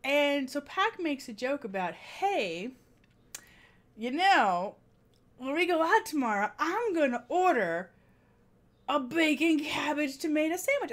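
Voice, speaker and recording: Chatty woman vlogger, lively pitch. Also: a little slow. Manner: chatty, animated retelling with frequent laughs. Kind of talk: casual vlog storytelling.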